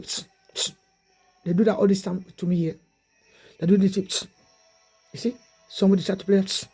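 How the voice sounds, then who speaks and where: Gravelly, husky-voiced rambling preacher. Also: mid-range voice, warm tone. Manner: repetitive, prodding with "you see"; slow, drawn-out listing of names. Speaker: preacher giving an exhortation. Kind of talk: rambling spoken exhortation.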